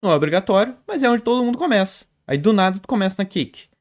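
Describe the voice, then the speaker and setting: A man's voice: sits high, animated, rapid-fire. Chatty man streaming chess. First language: Portuguese. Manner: chatty, stammers and repeats words. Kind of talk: casual livestream chat.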